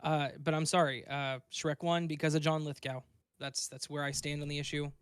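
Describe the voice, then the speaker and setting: A man's voice: on the high side, level tone, fairly quick, clear, resonant tone, no echo. A man who narrates stories, co-hosting a podcast in blunt, casual chat and swearing freely. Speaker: podcast host and story narrator.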